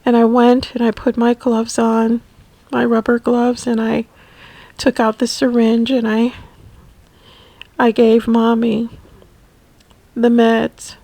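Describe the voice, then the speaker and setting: Emotional, halting woman telling her story. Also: fairly high pitch, completely flat delivery, creaky, warm tone, no room sound, low-quality recording. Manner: emotional, halting, repeats words. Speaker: family caregiver. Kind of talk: personal memoir narration.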